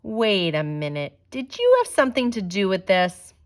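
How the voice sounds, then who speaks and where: A woman's voice: medium pitch, very animated, normal speed, close to an everyday voice. A woman voicing a loving, fussy mother hyena in a read-aloud storybook. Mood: amazed. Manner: exclaiming, warm scolding.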